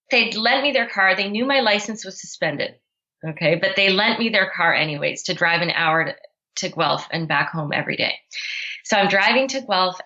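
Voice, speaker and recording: A woman's voice: on the low side, sharp tone, dull audio. A woman guest in a podcast interview, telling her story candidly with many "you know" and "right?" asides. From Canada.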